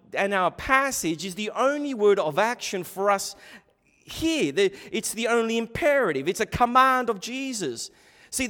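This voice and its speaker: A man preaches with an emphatic, insistent delivery, often restarting and repeating words. His voice sits high and swings widely in pitch. The sound rings with a long reverb, as if in a large hall. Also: a bit bright. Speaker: pastor. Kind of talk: sermon.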